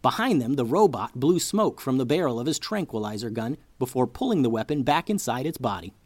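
Expressive male children's storyteller. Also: medium pitch, fairly quick, no echo. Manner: lively expressive reading.

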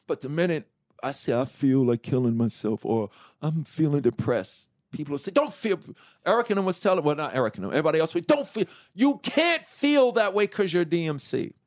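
A man's voice: on the high side, a little fast. A middle-aged man, telling his life story candidly in an interview, swearing freely and acting out what others said to him. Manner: animated, swearing, acts out quotes. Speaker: guest.

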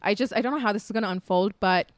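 A woman's voice: medium pitch, rapid-fire, noisy background. A woman in her twenties chatting candidly on a podcast, full of likes and asides. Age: 20s. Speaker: podcast co-host. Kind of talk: casual chat.

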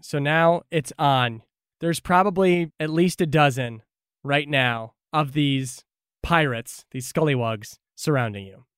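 Smooth-voiced man running a tabletop game. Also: a little high, a bit bright, no room sound, studio quality. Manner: brisk, lightly amused rules calls. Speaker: game master.

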